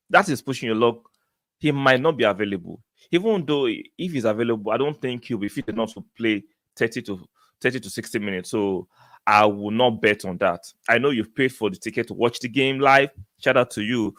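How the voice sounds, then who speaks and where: A man's voice: on the low side, a bit bright, no echo, studio quality. A man hosting a live football fan stream, reading viewer comments in a chatty, rambling way with many fillers and restarts. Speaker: football fan channel host.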